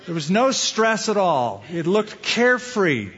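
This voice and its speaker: Husky-voiced male pastor preaching. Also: high-pitched, big pitch swings, takes it slowly, a bit bright, a faint crowd. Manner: conversational, asks the audience questions. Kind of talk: sermon. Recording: dull lo-fi sound.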